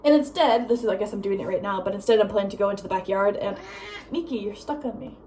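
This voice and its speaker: A young woman vlogging at home in a casual, rambling chat, full of "like" and "um" and quick laughs. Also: mid-range voice, a little hiss or hum. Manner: rambling, lots of "like" and "um", laughs often; breezy, drifts between loud and soft. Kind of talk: casual chatty vlog monologue.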